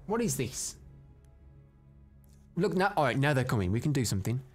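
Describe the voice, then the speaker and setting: A man giving live commentary over his own gameplay, excitable and prone to loud frustrated outbursts, chatting with his viewers between rounds. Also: medium pitch, moderate pace, soft background music. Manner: chats to viewers and reads out their comments. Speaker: live streamer.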